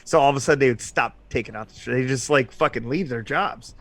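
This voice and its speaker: A man's voice: medium pitch, fast talker, a bit bright. A man telling a rambling, profanity-heavy story from a tabletop game, laughing often. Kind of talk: casual storytelling.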